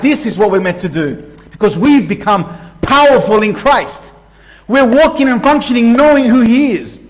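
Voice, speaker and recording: A man preaching a sermon passionately, swinging from loud outbursts to hushed lines and acting out voices. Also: very high-pitched, lively intonation, normal speed, low-quality recording. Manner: acts out voices for illustration. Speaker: pastor.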